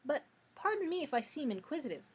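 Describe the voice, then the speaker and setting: A woman's voice: sits high, big pitch swings, quick pace, darkish tone, pitched above the performer's own voice. A woman voicing a pompous, learned giant male insect with a wordy, formal manner in a storybook reading. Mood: polite.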